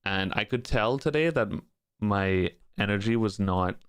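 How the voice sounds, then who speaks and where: A man's voice: lowish voice, animated, unhurried, smooth. A man streaming a speedrun, talking himself through his mistakes and swearing at the game. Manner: swearing, frustrated self-talk. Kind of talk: live gameplay commentary. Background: music.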